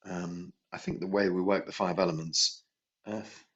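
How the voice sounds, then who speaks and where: A man's voice: sits low, fairly even intonation, moderate pace, fairly bright tone. A man teaching a healing class, musing aloud, correcting himself and chuckling as he goes. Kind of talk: relaxed spoken class instruction. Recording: dull lo-fi recording.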